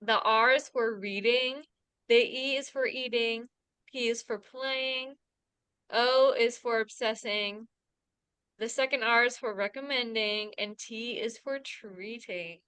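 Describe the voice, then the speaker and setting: A woman's voice: fairly high pitch, takes it slowly, fairly bright tone, smooth, no echo, rough recording. A woman co-hosting a podcast in casual chat, telling stories in a chatty way and laughing often. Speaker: podcast co-host.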